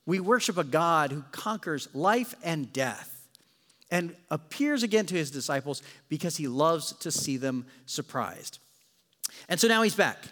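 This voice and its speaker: A male pastor preaching in a church with a high voice that swings up and down. He tells the story dramatically and drops in jokes. The sound carries a long hall reverb. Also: measured pace. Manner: animated, dramatic storytelling with joking asides. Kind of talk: sermon.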